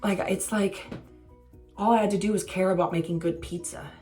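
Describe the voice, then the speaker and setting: A woman's voice: medium pitch, steady tone, moderate pace, warm tone, faint music behind. A young woman telling a casual storytime vlog, candid and self-mocking, swearing freely. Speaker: vlogger.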